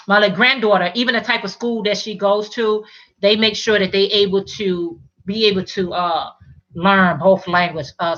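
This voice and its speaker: A woman's voice: mid-range voice, a bit bright, highs cut off. A middle-aged woman hosting a casual live stream, chatting and reading viewer comments, often restarting and repeating words.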